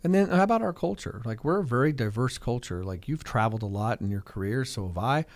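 A middle-aged man, a real estate agent and coach, talking in a chatty, energetic way with lots of "like" and "right?" in a casual radio interview. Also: medium pitch, fast talker, no room sound. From Fresno, California.

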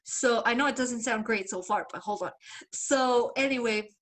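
A woman's voice: fairly high pitch, normal speed, a bit bright. A young woman co-hosting a podcast, rambling through stories in a casual chat, swearing and laughing often. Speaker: podcast co-host.

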